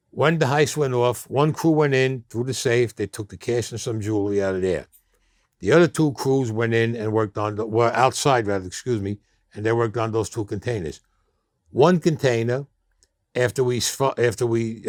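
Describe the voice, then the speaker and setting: A man's voice: medium pitch, no room sound. An older man with a New York accent telling blunt, streetwise stories as an interview guest, often acting out the people in them. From Brooklyn, New York. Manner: blunt, streetwise storyteller who acts out quoted people. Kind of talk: storytelling interview.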